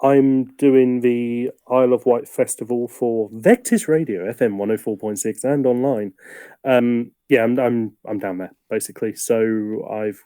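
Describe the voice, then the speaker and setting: A man guesting on a casual podcast, self-deprecating and quick with jokes, often restarting his sentences. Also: mid-range voice, fairly even intonation, dark tone, clear, resonant tone, dry recording, clean studio sound. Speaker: guest co-host, music journalist.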